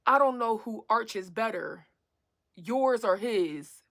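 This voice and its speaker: A woman quoting a pushy, crude man at a comedy show, in a lightly lowered voice. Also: animated, takes it slowly, a bit bright, heavily acted. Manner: pushy, seeking agreement.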